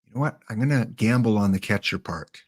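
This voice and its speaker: A man with a lowish voice talks a little fast as he hosts a live gameplay stream. He ponders his player picks aloud, muttering names, and keeps up chatty asides to his viewers.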